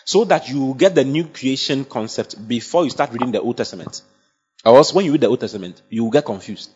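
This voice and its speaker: A man's voice: medium pitch, animated, fairly quick, darkish tone, husky. A man preaching a sermon, emphatic and often checking that his congregation follows. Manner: emphatic, asks the congregation for assent. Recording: dull lo-fi sound.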